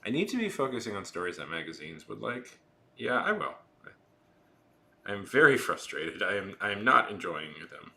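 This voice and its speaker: A man's voice: lowish voice, vocal fry, sharp tone. A man streaming and chatting casually with his viewers, rambling with frequent restarts and fillers. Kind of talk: casual chat with live chat while drawing.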